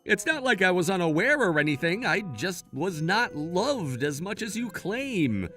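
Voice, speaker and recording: An earnest young man narrates a dramatic first-person story and pleads in his own scenes. He speaks slowly, and his pitch moves a lot. Faint music plays beneath him. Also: sing-song, bright, forceful tone.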